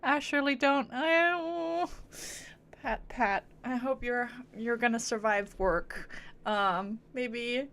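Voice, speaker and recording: Slow-talking playful woman streamer. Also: a little high, fairly bright tone. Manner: playful, swears, laughs often, teasing. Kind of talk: casual gameplay commentary.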